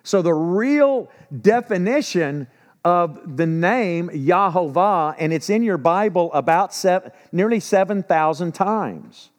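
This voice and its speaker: Male pastor, slightly high voice, animated storyteller who voices the people in his stories. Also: slow. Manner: animated storytelling, acting out quotes; conversational, self-correcting. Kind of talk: sermon.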